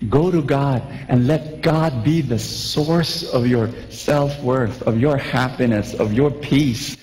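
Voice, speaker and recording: A man in his forties preaching a lively sermon, asking his listeners questions and acting out scenes. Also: medium pitch, slow pace. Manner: lively, asks the crowd questions, acts out scenes. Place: large church. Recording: long church reverb.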